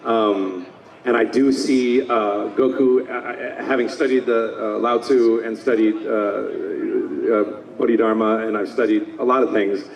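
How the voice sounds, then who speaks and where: A man in his fifties, a voice actor talking at a convention panel, enthusiastic and slipping into quick character voices. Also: on the low side, steady tone, creaky, recorded from a distance. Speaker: voice actor guest. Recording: roomy hall, mic from afar.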